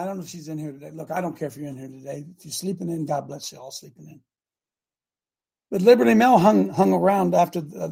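An older man hosts a talk show, preaching with impassioned repetition and many rhetorical questions. His voice is high, raspy and dark in tone.

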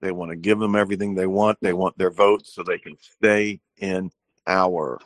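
A man's voice: low-pitched, steady tone, moderate pace, no room sound. A man calling in to a talk radio show, speaking in a plain, grim way and telling a story to make his point. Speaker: caller.

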